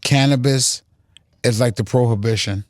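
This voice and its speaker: A man's voice: mid-range voice, normal speed. A man talking as a podcast guest in casual conversation, emphatic and motivational, telling stories. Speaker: guest, cannabis company co-founder.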